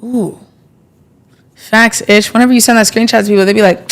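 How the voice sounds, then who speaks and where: A young adult woman hosting a live stream about stock trading, talking casually and playfully, with sudden bursts of excitement as she thanks her subscribers. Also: medium pitch, quick pace, long pauses. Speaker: livestream trading host.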